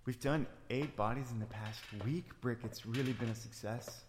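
A man's voice: mid-range voice, normal speed, long reverb tail, background noise, close to an everyday voice. An actor playing a haughty man who guards a burial business, speaking with a Scandinavian accent in an improvised comedy drama. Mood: earnest. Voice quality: haughty, indignant, formal phrasing. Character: pompous Scandinavian male security guard running burials.

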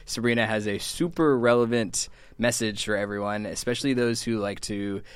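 Low-voiced man co-hosting a radio show. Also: smooth, dry recording. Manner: relaxed, joking, fillers and quick laughs. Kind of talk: casual radio chat.

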